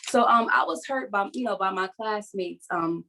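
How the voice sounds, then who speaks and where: A woman who is a writer, hosting a support session and telling a personal story over a video call in an earnest, halting, confessional way. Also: medium pitch, vocal fry, sharp tone, rough recording.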